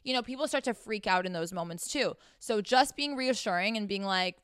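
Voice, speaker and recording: A young woman talks in a frank, casual monologue as host, blunt and full of swearing, addressing her listeners directly. Her voice is smooth and clear at a middle pitch, recorded close and dry with no room sound. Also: lively intonation, brisk, fairly bright tone, dry recording. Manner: blunt and profane, talks straight to the audience.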